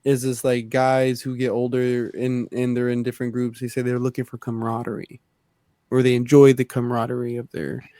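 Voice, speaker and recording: Slow, thoughtful man musing. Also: mid-range voice, warm tone, no room sound. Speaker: podcast co-host. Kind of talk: casual chat.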